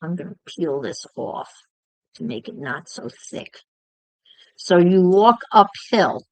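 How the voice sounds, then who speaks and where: Slow, musing woman crafting on a livestream. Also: on the low side, animated, a little mellow, dry recording, low-quality recording. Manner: musing aloud, chatting to viewers. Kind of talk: casual chat while crafting.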